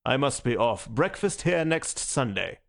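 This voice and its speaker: A man reading a storybook voicing a huge, imperious anarchist leader who speaks slowly and mockingly, with a gravelly edge. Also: mid-range voice, very animated.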